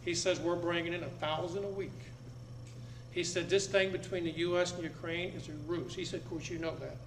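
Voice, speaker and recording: A man's voice: on the high side, fairly even intonation, brisk, a bit bright. A middle-aged man giving a live talk to an audience, blunt and emphatic, hammering points home by repeating them. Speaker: speaker addressing an audience. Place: meeting room with seated audience. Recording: echoey room, faint background noise.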